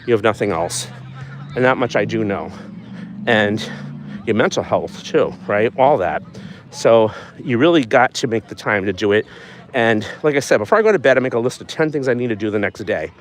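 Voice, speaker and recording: A man's voice: fairly low pitch, expressive, moderate pace, a little hiss or hum. A man hosting a wellness live stream, talking casually and encouragingly while walking outdoors at a track at night, recorded on a phone. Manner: rambling, folksy, encouraging. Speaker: wellness channel host.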